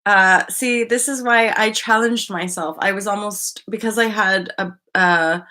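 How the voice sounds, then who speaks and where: Woman, live-stream host, bright, tense edge, rambling and chatty. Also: mid-range voice, unhurried. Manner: rambling, chatty, greets viewers by name. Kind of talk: casual live-stream chat.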